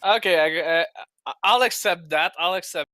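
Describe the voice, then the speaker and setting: A man's voice: high voice, moderate pace, sharp tone, dry recording. A man playing in a tabletop game, chatting casually with a wry, sarcastic edge.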